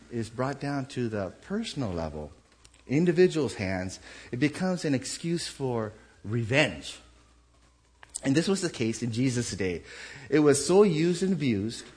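A man preaching a sermon in a conversational, animated way, acting out the voices he quotes. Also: mid-range voice, husky. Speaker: pastor.

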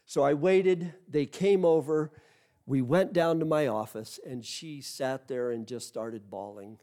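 A man's voice: mid-range voice, a little slow, warm tone. A man preaching a sermon as a missionary, telling a story earnestly and repeating phrases for emphasis.

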